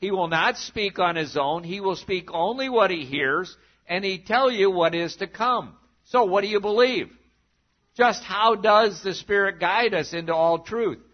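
A man preaching a sermon as a pastor, animated and sometimes dropping to a hushed voice for emphasis. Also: sits high, measured pace, muffled recording.

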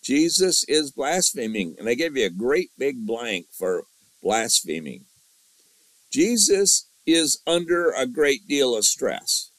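Man, Bible study teacher, mid-pitched voice, dry close sound, repeats key lines. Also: very animated, slow, no echo, poor audio. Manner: repeats key lines, asks the class questions. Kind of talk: Bible lesson with an outline.

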